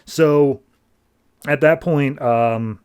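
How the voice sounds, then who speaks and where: A man hosting a podcast, casually retelling a comic book plot, leaning on "like" and dropping into quick mock voices for the characters. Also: fairly high pitch, darkish tone, smooth. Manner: chatty storytelling, heavy use of "like", slips into quick mock voices for characters. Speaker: podcast host.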